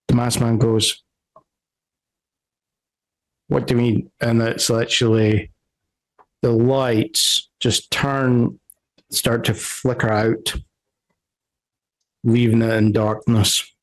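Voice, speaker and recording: Slow, rambling male game master. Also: medium pitch, little pitch movement, low-quality recording. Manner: rambling, self-correcting. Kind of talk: narrating a tabletop game.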